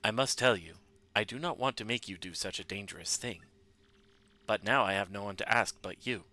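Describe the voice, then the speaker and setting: A man reading as a calm, formal computer. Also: fairly low pitch. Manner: measured, even, formal. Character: calm polite male computer intelligence.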